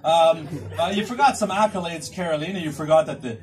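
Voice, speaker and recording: A man's voice: on the high side, a little fast, slight background noise. A male stand-up comedian performing live in a cinema, rambling and self-mocking, with stammering restarts. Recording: far from the mic, loud crowd laughter.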